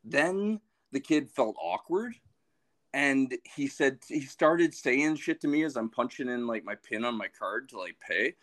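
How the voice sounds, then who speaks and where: With a fairly bright, medium-pitched voice and lively intonation, a late-thirties man co-hosts a podcast at a measured pace. He tells a rambling, self-deprecating story laced with swearing.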